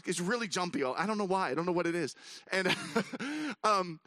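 Guy at a church conference telling a dog story, bright punchy voice, bit high, lots of ums. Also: moderate pace, no room sound. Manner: animated storyteller, many fillers and restarts; self-mocking humor. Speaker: ministry conference speaker. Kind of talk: storytelling talk to an audience.

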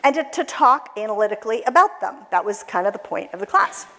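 A middle-aged woman telling a personal story to a church audience, animated, acting out the voices she quotes and laughing often. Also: mid-range voice, fast talker, creaky. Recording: long reverb of a hall.

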